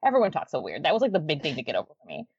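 A woman in casual podcast chat, her pitch swinging widely as she talks, laughing often and leaning on lots of fillers. The sound is dry and slightly dull, like a lo-fi home recording. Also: huge pitch swings, very fast, vocal fry, husky, dry recording. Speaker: podcast co-host. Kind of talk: casual chat about a TV series.

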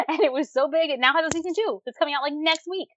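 A woman co-hosting a podcast in casual chat, animated, with lots of fillers and frequent laughter. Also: high voice, fast talker, highs cut off. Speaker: podcast co-host reviewing dramas.

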